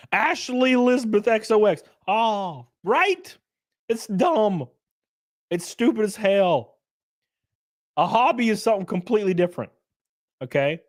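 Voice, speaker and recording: A young man streaming, ranting casually with lots of swearing, jumping between loud outbursts and low mutters. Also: very animated, unhurried, long pauses. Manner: profane, ranting, swings between loud and mumbled. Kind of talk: casual livestream chat.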